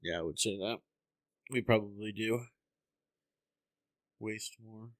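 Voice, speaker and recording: Young guy podcasting, lowish voice, dry close sound, rambles n swears a lot. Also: slow, no echo. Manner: animated storyteller, swears, acts out quotes. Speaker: podcast co-host. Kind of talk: casual chat.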